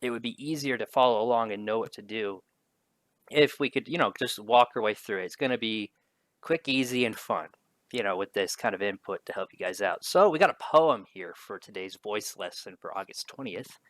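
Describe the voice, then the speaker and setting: A man's voice: fairly low pitch, a little fast, a bit bright, dry recording. Guy teaching a casual lesson, chatty, walks students through questions, dry sound.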